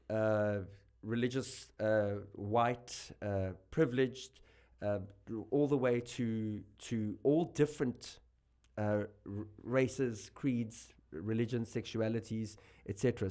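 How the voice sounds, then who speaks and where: A South African man talks as a guest comedian on a podcast. His voice sits at an ordinary middle pitch. He is animated and laughs easily, and he often breaks off and restarts his sentences. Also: takes it slowly. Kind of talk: casual podcast chat.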